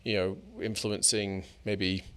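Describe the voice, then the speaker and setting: A man's voice: low-pitched, level tone, takes it slowly, clean tone. A man co-hosting a podcast in casual chat, musing tentatively and trailing off as he thinks. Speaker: podcast co-host.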